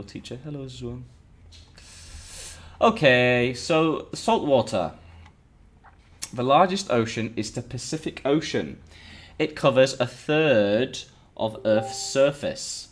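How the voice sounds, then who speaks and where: A man teaching a live online lesson, chatting with his students and greeting them by name as he explains. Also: medium pitch.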